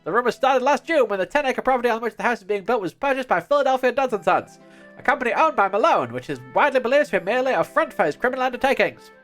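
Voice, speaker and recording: A woman putting on the voice of a brisk 1930s newsreel announcer, reading in an emphatic announcer cadence. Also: a little high, expressive, soft background music, voice pushed up, lightly acted. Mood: announcing. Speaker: streamer. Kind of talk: mock newsreader voice.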